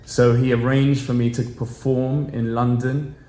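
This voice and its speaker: A man's voice: medium pitch, a little slow, echoey room. A man in his thirties from the Channel Islands, a spoken word poet telling a story at a live library event and acting out quoted dialogue with energy. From Channel Islands, Jersey. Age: 30s. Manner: lively storyteller who acts out quoted dialogue. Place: public library event room.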